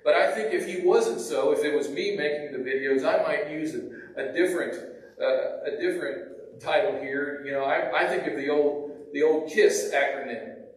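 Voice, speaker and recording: Higher-voiced preacher, echoey and distant. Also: male voice, normal speed. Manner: conversational, with restarts and repeated words. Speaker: pastor. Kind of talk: sermon. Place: church sanctuary. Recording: echoey church from far off.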